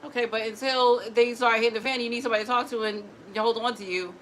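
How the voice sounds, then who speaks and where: A woman talking casually and emotionally to camera, often pausing to address an unseen spirit, with quick restarts and repeated words. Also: a little high, fairly even intonation, fairly bright tone, rough recording. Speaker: spiritual vlogger. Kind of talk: casual personal talk to camera. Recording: noticeable background noise.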